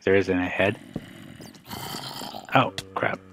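A man's voice: low-pitched, steady tone, takes it slowly, noisy background. A man giving casual, rambling gameplay commentary as a video host, joking and breaking off his sentences as he plays. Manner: rambling, joking, self-interrupting.

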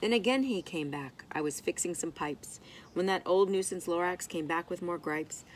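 A woman reading a rhyming picture book aloud in an expressive, rhythmic way. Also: lowish voice, moderate pace, slight background noise. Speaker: storybook reader.

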